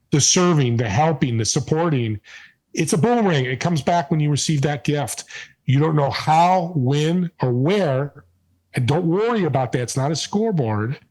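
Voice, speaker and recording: Brief: man, energetic and emphatic interview guest, voice sits high. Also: poor audio. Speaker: podcast host and guest. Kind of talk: casual interview storytelling.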